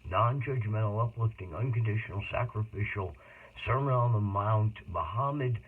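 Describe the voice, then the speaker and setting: A man's voice: fairly low pitch, normal speed, breathy edge. A middle-aged man telling his life story in a rambling monologue that jumps between tangents. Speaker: autobiographical monologue speaker. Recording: tinny phone-like audio.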